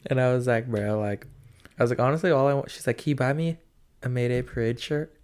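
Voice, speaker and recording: A man's voice: mid-range voice, darkish tone. A young man chatting casually with a friend, hesitating often and restarting his sentences. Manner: halting, many fillers and restarts. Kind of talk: casual chat between friends.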